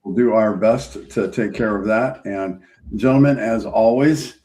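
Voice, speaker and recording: A man, a college baseball coach, talking as a guest on a sports radio show in a relaxed, halting way. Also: on the low side, poor audio.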